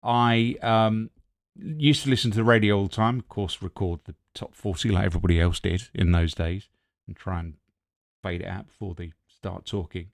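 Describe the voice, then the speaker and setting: A man's voice: low voice, steady tone, normal speed, vocal fry, dry recording, clean studio sound. A middle-aged man from Ipswich, chatting in a podcast interview, telling rambling stories and laughing often. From England (Ipswich, Suffolk). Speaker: radio presenter guest.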